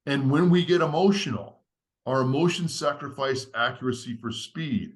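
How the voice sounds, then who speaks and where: A man's voice: mid-range voice, normal speed. A man, a podcast guest, earnestly walking through a step-by-step framework in a teacherly, structured way. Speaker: podcast guest, leadership author. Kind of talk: explaining a framework in conversation.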